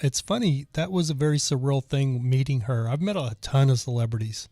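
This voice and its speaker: A man's voice: medium pitch, fairly quick, mellow, no room sound, clean studio sound. A man in his forties, a podcast host, casually telling a long story and reading out chat comments, rambling and digressing with lots of restarts.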